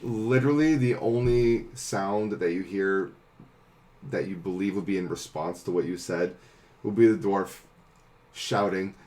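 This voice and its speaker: A man narrating as game master of a tabletop game, laid-back and chuckling, with sudden shouted sound effects. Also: sits low, a little slow.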